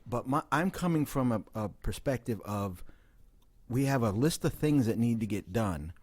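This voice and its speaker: A man's voice: mid-range voice, animated, moderate pace, darkish tone, slightly rough, no room sound. Host type, man with a mid-range voice, patient explainer, close dry mic. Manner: explaining patiently, reasoning, building a case. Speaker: podcast host. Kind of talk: casual banter.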